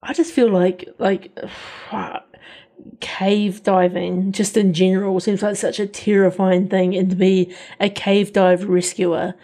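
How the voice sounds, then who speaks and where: A woman's voice: mid-range voice, level tone, takes it slowly, dark tone. A woman co-hosting a casual film review podcast, talking in a musing way with many "like" fillers.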